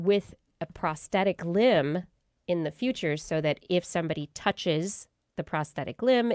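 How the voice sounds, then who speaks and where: A woman's voice: sits low, clean tone, dry recording, clean studio sound. A woman co-hosting a science podcast, explaining a new study in casual talk with many fillers and restarts. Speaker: podcast co-host.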